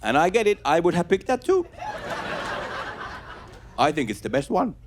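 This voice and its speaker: A man doing a stand-up comedy set on stage before a live audience. He talks haltingly, with many restarts and fillers. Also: sits high, wildly swooping pitch, noisy background. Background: audience laughter.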